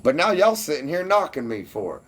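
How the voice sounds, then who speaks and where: A man's voice: a little high, sing-song, brisk, fairly bright tone. A man ranting defensively and with heavy profanity at his livestream commenters.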